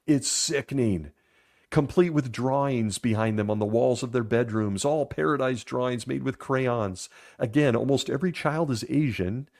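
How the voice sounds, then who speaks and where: A man's voice: mid-range voice, normal speed, a little mellow. Blunt, emotional man hosting a commentary. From former Jehovah's Witness upbringing. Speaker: commentary show host. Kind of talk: critical video commentary.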